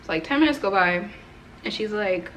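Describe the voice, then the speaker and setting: At home in front of her camera, a twenty-something vlogger from the United States rambles through a personal story, leaning heavily on "like" and "right?". She sounds animated, with a medium-pitched, slightly bright voice at normal speed, and there's faint hiss or hum from the camera mic.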